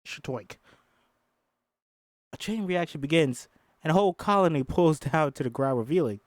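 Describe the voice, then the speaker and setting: A man's voice: a little high, lively intonation, moderate pace. Chatty, swearing man reading a script. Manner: chatty and profane, stumbles over words. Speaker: host. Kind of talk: casual script read-through with commentary.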